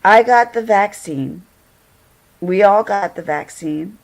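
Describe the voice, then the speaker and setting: A woman's voice: medium pitch, expressive, slow, vocal fry. A woman hosting a casual livestream chat, greeting viewers and laughing often as she talks. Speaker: livestream host.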